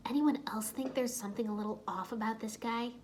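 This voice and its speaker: A sharp young female ninja asks pointed, curious questions, as a woman reads her lines. She sounds alert and a little suspicious. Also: a little high, steady tone, fairly quick, slight background noise, close to an everyday voice.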